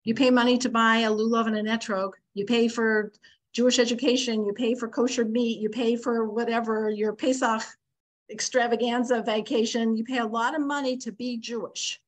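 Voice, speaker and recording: A woman's voice: fairly high pitch, normal speed. A middle-aged woman teaching a Torah lesson in a chatty storytelling way, acting out the voices of the people in her story and mixing in Hebrew and Yiddish words. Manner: animated storyteller acting out both sides of dialogue; conversational, many "like" fillers, Yiddish and Hebrew terms.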